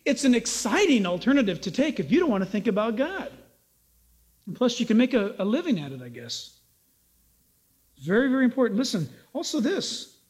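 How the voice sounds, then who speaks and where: Emphatic high-voiced male pastor preaching. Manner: emphatic, rhetorical questions, exhorting listeners. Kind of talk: radio sermon. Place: Southern California church.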